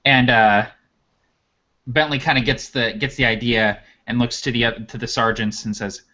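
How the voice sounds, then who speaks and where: Game master, man, mid voice, relaxed storytelling, dull lo-fi audio. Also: mid-range voice, moderate pace. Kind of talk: narrating a tabletop game.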